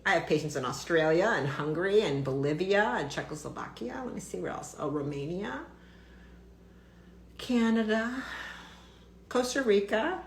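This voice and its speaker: A woman's voice: fairly low pitch, animated, moderate pace, roomy sound. A woman doctor ranting bluntly on a casual live stream, swearing freely and talking with lots of fillers and restarts.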